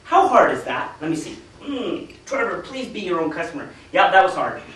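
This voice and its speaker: High-voiced man pitching to a room. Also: moderate pace, a little hiss or hum. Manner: animated storytelling, acting out quoted people. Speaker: business opportunity speaker. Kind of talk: motivational seminar talk. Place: meeting room with an audience. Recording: echoey room, distant mic.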